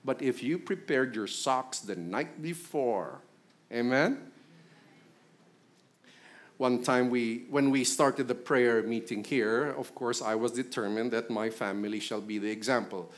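A man's voice: mid-range voice, measured pace. A middle-aged man with a Filipino accent, preaching a sermon in a conversational way and putting questions to his congregation. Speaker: pastor.

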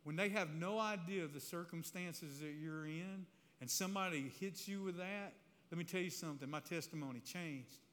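A man preaching a testimony to a live audience in a church hall, telling his story in an animated, conversational way that keeps checking in with "right?". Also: on the high side, moderate pace. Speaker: speaker giving a testimony. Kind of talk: sermon-style testimony storytelling. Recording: reverberant hall, faint room noise.

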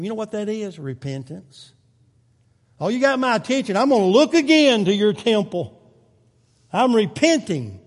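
Pastor preaching in an echoing hall. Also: male voice, high-pitched. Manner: preaches with swings from quiet to loud, with folksy asides. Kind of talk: sermon. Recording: long reverb of a church hall.

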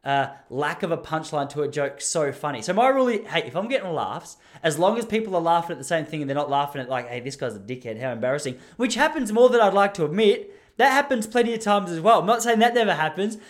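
A man's voice: sits high, quick pace, few pauses. A young adult man with an Australian accent, hosting a podcast and telling a rambling story, often restarting his sentences. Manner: rambling, animated, self-interrupting with restarts. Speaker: podcast host. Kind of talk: casual storytelling monologue.

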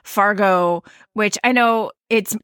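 A woman's voice: mid-range voice, takes it slowly, a bit bright, clear, resonant tone, no echo, studio quality. Earnest Midwestern woman in casual chat. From American Midwest. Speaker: podcast co-host.

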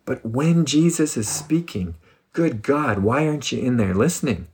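Husky man giving a playful spiritual talk. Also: mid-range voice, moderate pace. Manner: animated, playful, laughs often. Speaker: spiritual speaker.

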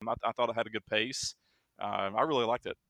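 A man's voice: lowish voice, steady tone, quick pace, creaky, fairly bright tone, no room sound. A man co-hosting a podcast in friendly casual chat, with plenty of fillers. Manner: friendly, chatty, filler-heavy. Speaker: podcast co-host.

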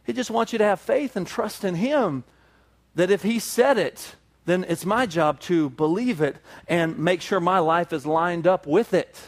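A man's voice: high voice, measured pace. A male pastor preaching a sermon to a congregation, building to emphatic peaks with repeated phrases.

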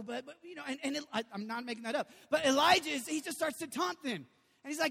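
A male pastor preaches in a lively, conversational way, breaking now and then into loud bursts. His voice sits high, and it rings with the long reverb of a large church hall. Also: quick pace, vocal fry. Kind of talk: sermon.

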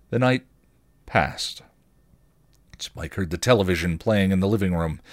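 Brief: podcast host reading fan fiction aloud, deep voice, dry close sound, steady with self-corrections. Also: male voice, no echo.

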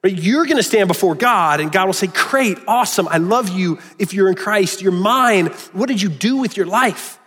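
A man's voice: high-pitched, expressive, normal speed, hardly any pauses, fairly bright tone, breathy edge. A man preaching a sermon as pastor, earnest, with frequent restarts and acted-out quotes. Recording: long reverb of a large hall.

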